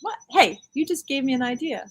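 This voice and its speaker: A woman talking as a guest in a casual conversation, chatty and expressive and often laughing as she speaks. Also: high voice, brisk, slight background noise, poor audio.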